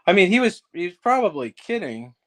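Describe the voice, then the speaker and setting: A man's voice: high voice, sing-song, fairly quick, a bit bright. A man, a guest impressionist, telling stories in casual chat and rambling with lots of fillers.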